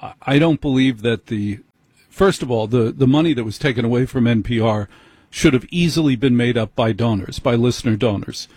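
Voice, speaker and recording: A man's voice: medium pitch, brisk, darkish tone, slightly rough, dry recording. A man hosting an interview, sharing strong opinions in a conversational way. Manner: opinionated, mimics others for effect. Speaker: host.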